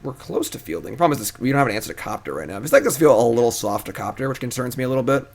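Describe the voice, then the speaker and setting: A man streaming a card game, commenting casually and thinking out loud as he plays. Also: mid-range voice, expressive, very fast, creaky.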